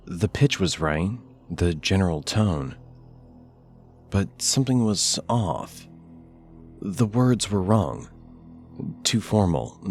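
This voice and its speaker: A man narrating a first-person scary story in a measured, hushed delivery with deliberate pauses. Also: sits low.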